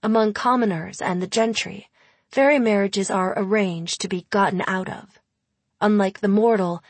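A woman narrating a first-person audiobook in a measured, intimate manner. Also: medium pitch, slightly rough, no echo.

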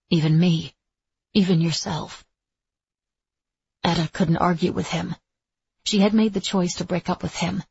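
A woman narrating a novel in a steady, even-toned storytelling manner, with a husky voice. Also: fairly low pitch, no echo. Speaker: audiobook narrator. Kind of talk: scripted narration. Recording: dry, slightly dull lo-fi recording.

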